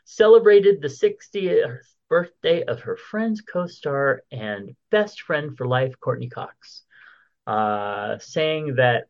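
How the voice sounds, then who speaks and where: A man's voice: medium pitch, animated, takes it slowly. Casual male co-host, rambling and jokey, stumbles over names, slightly muffled lo-fi sound. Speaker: podcast co-host reading entertainment news. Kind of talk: casual chat.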